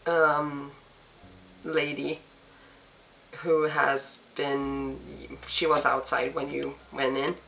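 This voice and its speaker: A woman game master narrating a tabletop scene in a low, unhurried voice. She pauses and restarts often as she searches for words. Her tone stays bright and forward. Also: gravelly, recorded from a distance, slight background noise, rough recording. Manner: halting, with many fillers and restarts.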